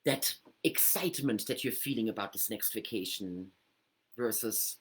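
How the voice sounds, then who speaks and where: A middle-aged woman from Germany hosts a casual teaching talk from her home computer, animated and acting out inner voices. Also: a bass voice, normal speed, breathy edge. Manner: animated, acts out inner voices with big swings. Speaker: host.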